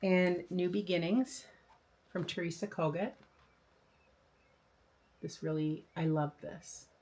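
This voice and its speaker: Slow-talking chatty older woman. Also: on the low side, fairly even intonation, darkish tone. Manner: chatty, enthusiastic, rambling with fillers. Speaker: flosstube host. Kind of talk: casual show-and-tell chat.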